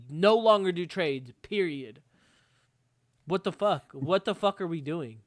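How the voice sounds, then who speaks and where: A man's voice: on the high side, no echo, studio quality. Heated, profane man ranting on a podcast. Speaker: podcast co-host. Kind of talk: casual sports podcast rant.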